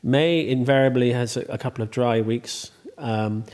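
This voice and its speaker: A man's voice: medium pitch, measured pace, darkish tone. A man, the host, talking casually in an interview, rambling and chatty with many ums and restarts. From Ireland. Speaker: host and estate owner.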